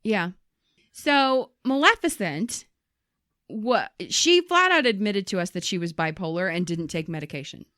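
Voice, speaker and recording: A woman's voice: mid-range voice, a little slow, no room sound, studio quality. A woman hosting a podcast in casual chat, telling stories with lots of swearing and acting out the people she quotes. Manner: animated storyteller, swears freely, acts out quoted people. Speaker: podcast host.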